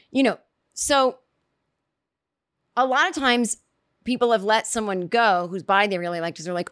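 A woman hosting a podcast, telling a comedic story in a rambling, animated way and voicing her own asides. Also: mid-range voice, normal speed, long pauses, clear, resonant tone, no echo, studio quality. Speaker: podcast host. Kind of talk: comedic monologue.

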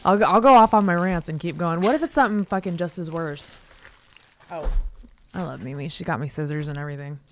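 A young woman hosts a podcast, chatting casually, swearing a lot, laughing often, and reading an ad. Her voice is lowish and a little fast, with slight background noise.

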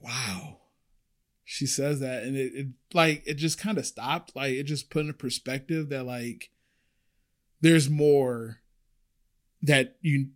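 A young man hosting a podcast, telling a personal service-industry story and acting out the people in it. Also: medium pitch. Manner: animated, acts out quoted voices. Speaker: podcast host.

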